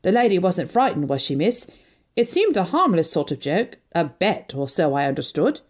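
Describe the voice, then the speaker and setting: A woman's voice: fairly low pitch, big pitch swings, normal speed, darkish tone. A woman reading the lines of a male ship's night steward in an audiobook, servile and apologetic. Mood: deferential.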